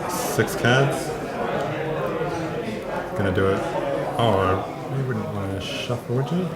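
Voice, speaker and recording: A man commentating live on a card game tournament, talking in halting bursts and restarting his sentences. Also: on the low side. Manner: halting, restarts mid-thought. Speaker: stream commentator. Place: busy tournament hall. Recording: echoey venue, noisy crowd.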